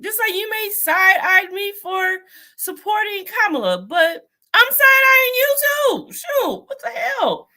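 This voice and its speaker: A woman's voice: extremely high pitch, sharp tone. Outspoken woman venting to her viewers. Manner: outspoken, exasperated, talks straight to viewers. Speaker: vlogger. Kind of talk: casual political commentary.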